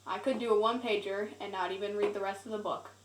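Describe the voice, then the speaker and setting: A woman's voice: mid-range voice, steady tone, quick pace, slight background noise, low-quality recording. A teenage girl rambling casually into her camera at home, full of "like" and giggly asides. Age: teens. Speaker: vlogger. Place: home, indoors. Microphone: camera set on a shelf.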